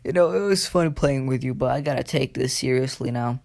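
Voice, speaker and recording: A man's voice: mid-range voice, fairly quick, gravelly, darkish tone, close to an everyday voice. A man voicing a cocky, gleefully ruthless teenage boy ninja with a mocking, taunting manner.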